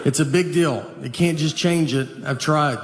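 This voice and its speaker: Deadpan Southern stand-up comic. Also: male voice, on the high side. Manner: slow, deadpan storytelling with trailing pauses. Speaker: stand-up comedian. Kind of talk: stand-up comedy set. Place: comedy stage with live audience. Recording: noisy live audience recording.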